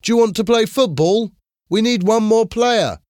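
A man's voice: fairly high pitch, sing-song, moderate pace, no room sound, studio quality, voice pushed up. A man voicing a friendly schoolboy who calls out eagerly to a classmate. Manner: calling out eagerly.

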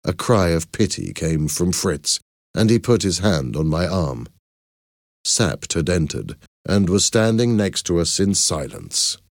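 A man narrating a first-person adventure audiobook in a measured, expressive way. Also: low voice, dry recording, clean studio sound.

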